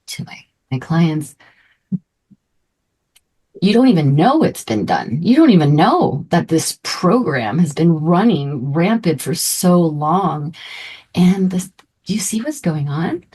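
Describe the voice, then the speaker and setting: A middle-aged woman coaches a spiritual group in a slow, unhurried flow. Her voice sits low for a woman. She is effusive and emotional, and now and then drops into soft, breathy asides. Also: animated. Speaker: meditation and manifestation coach.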